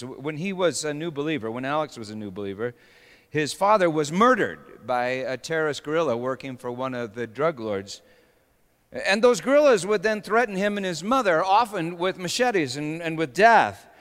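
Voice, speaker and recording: A man preaching a sermon with dramatic swings between hushed storytelling and sudden shouts. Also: on the high side. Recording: long reverb of a large hall.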